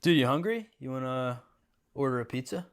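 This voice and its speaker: A man's voice: medium pitch, expressive, brisk, clean tone, lightly acted. A man doing a laid-back bro roommate. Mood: indifferent. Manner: casual, mumbly, indifferent.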